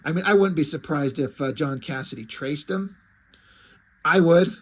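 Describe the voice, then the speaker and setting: A man's voice: on the high side, normal speed, fairly bright tone. A man reviewing comics in casual chat, loose and profane, with many fillers.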